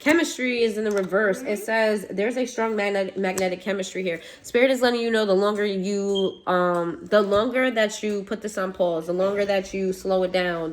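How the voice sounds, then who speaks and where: A woman's voice: medium pitch, fairly quick, hardly any pauses. A woman giving a casual tarot reading to her viewers, blunt and swearing, laughing now and then. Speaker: tarot reader.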